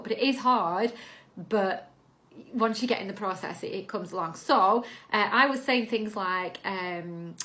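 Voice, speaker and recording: A woman's voice: mid-range voice, a bit bright. A woman, coaching viewers in a chatty, upbeat way on a live video and acting out sample lines.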